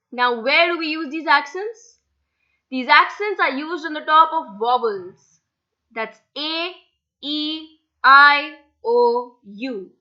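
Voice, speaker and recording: A woman's voice: high voice, pushed and bright, highs cut off. A young woman teaching a beginner language lesson, patiently spelling words out letter by letter. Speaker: Spanish language tutor. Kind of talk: slide-based language lesson.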